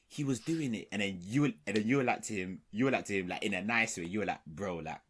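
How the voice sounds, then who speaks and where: A man co-hosting a podcast, telling stories in animated slang-filled casual chat. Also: lowish voice, fast, noisy background. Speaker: podcast co-host.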